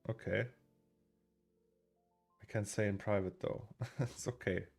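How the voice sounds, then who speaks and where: This German streamer in his thirties chats casually from a home studio, rambling through chat names with plenty of chuckles while faint music plays. His voice is fairly low and steady, slow in pace, with vocal fry and a breathy edge.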